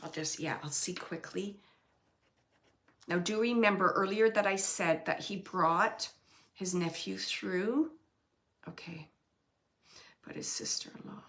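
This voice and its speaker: Woman, medium, gravelly voice, soft and halting, slips into whispers, live reading. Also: medium pitch. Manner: relays messages in a soft, halting way, often dropping to a whisper.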